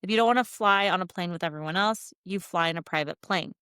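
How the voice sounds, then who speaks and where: A woman, a company founder chatting as a guest and telling lively travel anecdotes with frequent laughs. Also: on the low side, quick pace, clean tone, dry recording, clean studio sound. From United States. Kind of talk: casual interview chat.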